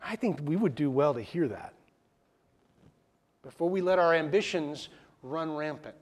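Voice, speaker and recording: Male pastor, casual plain-spoken sermon, high, very expressive voice. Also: a little slow. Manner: animated, plain-spoken, drops into casual asides and acted quotes. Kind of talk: conversational sermon.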